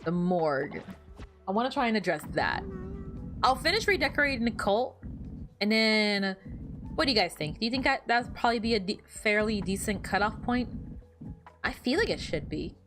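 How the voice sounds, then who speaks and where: A woman streaming a game, chatting casually with viewers in an animated, easily flustered way. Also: medium pitch, moderate pace, long pauses, music in the background. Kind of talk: casual gameplay commentary to chat.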